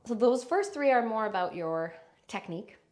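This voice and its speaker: A woman's voice: expressive, moderate pace, darkish tone. A woman teaching a live online lesson on speaking voice, demonstrating habits with exaggerated examples. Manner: demonstrative, shifts pitch and volume to show habits. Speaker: voice and speaking coach.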